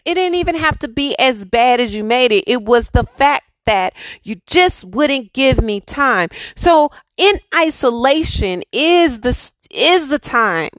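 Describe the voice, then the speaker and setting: A woman's voice: high-pitched, expressive, measured pace, hardly any pauses, a bit bright, no echo. A woman giving a spiritual pep talk, full of repeated rhetorical questions. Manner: preachy, repetitive rhetorical questions. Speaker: spiritual speaker. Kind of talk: inspirational monologue.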